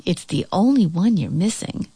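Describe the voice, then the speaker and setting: A woman's voice: on the low side, animated, normal speed, dark tone, breathy edge, no room sound. A woman voicing a spirited young girl who plays ball, eager and pleading in a storybook reading. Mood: earnest.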